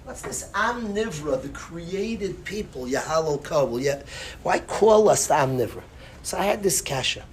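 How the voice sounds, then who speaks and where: A man, a rabbi, giving a passionate sermon-style Torah class, swinging from loud cries to hushed near-whispers and peppering his speech with Hebrew and Yiddish terms. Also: fairly high pitch, lively intonation, a little slow, slight background noise.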